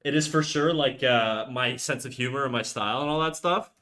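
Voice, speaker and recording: A man's voice: medium pitch, brisk, bright, forceful tone. A young man streaming live, chatting casually in an upbeat, talkative way, restarting and stumbling over his words.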